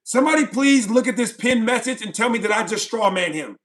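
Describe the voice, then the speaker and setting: A man's voice: very high-pitched, lively intonation, a little fast. A man streaming live, reading chat comments aloud and mocking them combatively. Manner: combative, mocking, loud outbursts.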